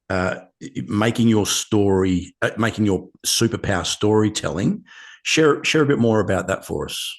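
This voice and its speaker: A man with a very low voice hosts a podcast interview. His questions come out halting, with frequent fillers and restarts. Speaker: podcast host. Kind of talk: casual interview chat.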